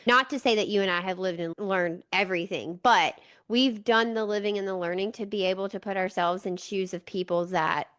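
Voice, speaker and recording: A woman's voice: medium pitch, a little fast, hardly any pauses, fairly bright tone, clean tone. A woman hosting a podcast, a doula who talks in an earnest, emphatic and affirming way. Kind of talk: conversational podcast interview.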